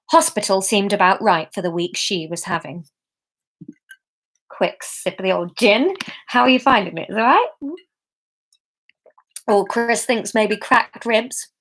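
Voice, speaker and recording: A woman's voice: medium pitch, measured pace, long pauses, a bit bright. Woman reading her own book out, chatty, jokes at her own expense. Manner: self-mocking, chatty, laughs at herself. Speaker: author reading her own story to a live audience. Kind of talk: casual storytelling with chatty asides.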